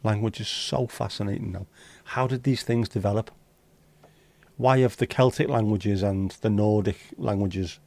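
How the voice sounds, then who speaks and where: A man's voice: on the low side, dark tone. A man hosting a casual livestream, bantering and joking with his chat at a desk mic. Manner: banters, teasing, jokey asides. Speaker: livestream host. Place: indoors, home streaming room.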